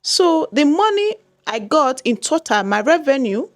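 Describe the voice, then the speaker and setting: A woman's voice: sits high, sing-song, unhurried, no echo. A woman with a Nigerian accent vlogging to her viewers, dramatic and exclaiming, often repeating herself. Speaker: YouTuber. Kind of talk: casual vlog talk to viewers.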